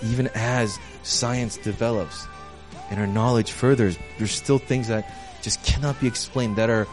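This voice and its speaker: A young man giving a casual, conversational sermon as a youth pastor, animated and full of slang. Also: medium pitch.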